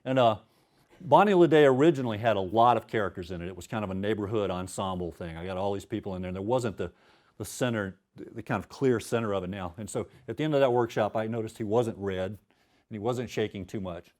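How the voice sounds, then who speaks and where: A man's voice: on the low side, quick pace, a little mellow. A man telling a casual, profane anecdote and reading his fiction aloud to an audience. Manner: casual, profane and self-mocking, laughs at his own stories.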